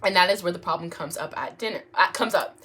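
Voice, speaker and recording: Reading internet stories at home, this young woman speaks quickly in a fairly low, breathy voice. She's animated and casual, stops often for jokes and laughing reactions, and sometimes trips on her words.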